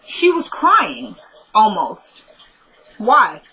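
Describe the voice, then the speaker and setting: A woman's voice: mid-range voice, huge pitch swings, drawn-out words, bright, forceful tone, poor audio. A woman casually recapping a TV drama episode, chatty and retelling scenes by quoting the characters.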